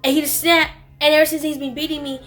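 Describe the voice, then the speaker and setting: Brief: woman parodying a distressed woman, raised pitch, loud, overacted. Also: flat delivery, quick pace, faint music behind. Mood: mock-tearful. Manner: mock-dramatic, overacted. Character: distressed woman telling of her abusive husband.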